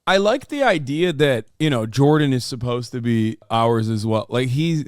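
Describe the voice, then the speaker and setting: A man's voice: medium pitch, expressive, normal speed. A man streaming and reacting to clips, talking casually with profane, mocking disbelief, often mimicking the people he watches.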